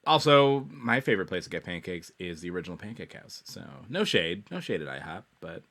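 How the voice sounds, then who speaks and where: A young man from Washington State, co-hosting a podcast and telling a story in a casual, animated way with frequent laughs. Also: low-pitched, brisk. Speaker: podcast co-host. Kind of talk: casual chat.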